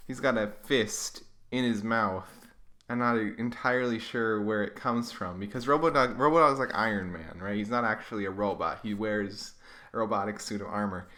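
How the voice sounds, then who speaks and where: In a fairly low voice with a bit of brightness, a man pokes sarcastic fun at his own childhood comics while reading them aloud for a YouTube video, his tone dry and wry.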